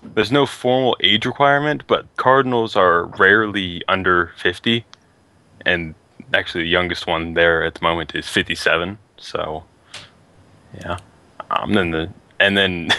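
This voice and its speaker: A young man co-hosting a podcast in casual chat, halting and drawn out with fillers. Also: deep voice, pushed and bright. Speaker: podcast co-host.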